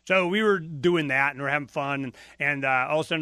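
A man with a sharp, fairly high voice talks fast and barely pauses, recorded with no room sound. He's hosting a talk radio show, giving a casual, rambling, emphatic monologue full of fillers into a close studio mic.

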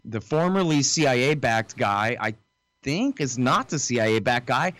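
A man joining a talk radio show as a guest, explaining political events in a measured, hedging way. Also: medium pitch, lively intonation, fairly bright tone, no room sound. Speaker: guest commentator. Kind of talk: conversational political analysis.

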